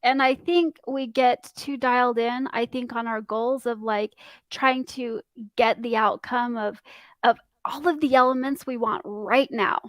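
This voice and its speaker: High-voiced chatty woman coach. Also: steady tone, a little slow, no echo, poor audio. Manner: laughs often, upbeat and chatty. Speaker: life coach and co-host. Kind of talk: casual motivational podcast chat.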